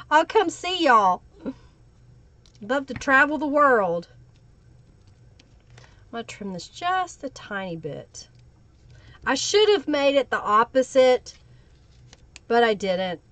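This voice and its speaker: A woman's voice: fairly high pitch, lively intonation, takes it slowly, long pauses, fairly bright tone, dry recording. A woman hosting a live craft stream, chatting and thinking aloud while she works and greeting viewers by name. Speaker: craft livestream host. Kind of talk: live crafting tutorial with chat shout-outs.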